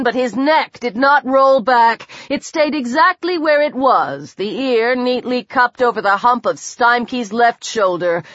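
Female audiobook narrator, unhurried dramatic horror reading; muffled, dead-dry sound. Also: on the high side, a bit bright, no room sound. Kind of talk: scripted narration. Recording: dull dry audiobook recording.

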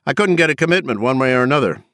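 A man's voice: medium pitch, animated, very fast, a bit bright, no room sound, clean studio sound, pitched above the performer's own voice. A man voicing a cold, controlled woman who is furious with her sister, clipped and icy in an audiobook.

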